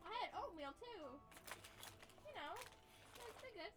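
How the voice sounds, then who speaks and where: High-voiced giggly woman game master. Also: expressive, a little slow. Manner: casual, giggly, chatty. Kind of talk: narrating a tabletop game. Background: faint music.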